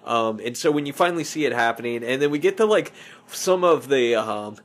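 A man's voice: mid-range voice, animated, fairly quick. A man hosting a movie podcast in casual chat, rambling and often correcting himself. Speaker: podcast host.

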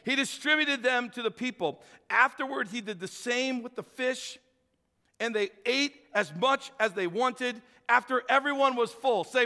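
A man's voice: extremely high pitch, a little slow. A male pastor preaching a sermon with energy, talking straight to his congregation. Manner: energetic, animated, addresses congregation directly. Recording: reverberant hall.

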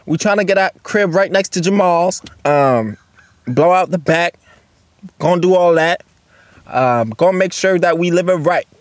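A man hosting a solo casual podcast, rambling and swearing, jumping between loud outbursts and low mutters, recorded on a phone and laptop. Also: moderate pace, no room sound. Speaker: podcast host.

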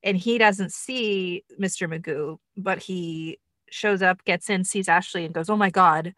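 Une femme commente un film de façon décontractée et sarcastique, avec beaucoup d'hésitations. Sa voix est plutôt grave et le son est très sec, sans écho. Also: female voice, on the low side, a little slow, fairly bright tone, dry recording. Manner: sarcastic, chatty, many fillers. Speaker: film reviewer. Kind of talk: casual commentary.

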